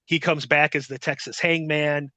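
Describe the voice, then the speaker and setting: A middle-aged man tells a rambling, swear-filled story in a casual interview. His voice sits high and bright, with a forceful edge. The sound is dry and close, with no room around it. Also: moderate pace, dry recording. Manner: profane, rambling, animated retelling. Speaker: guest.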